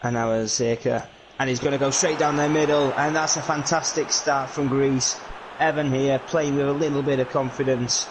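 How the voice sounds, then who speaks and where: A man's voice: mid-range voice, moderate pace, noisy background. Man doing video game commentary. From England. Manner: lively, filler-heavy play-by-play. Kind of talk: solo play-by-play commentary.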